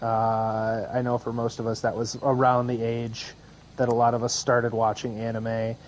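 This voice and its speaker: Thirties guy rambling on a casual podcast, average pitch. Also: completely flat delivery, normal speed, lo-fi sound, slight background noise. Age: 30s. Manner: rambling, lots of fillers and restarts. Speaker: podcast co-host. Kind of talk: casual chat.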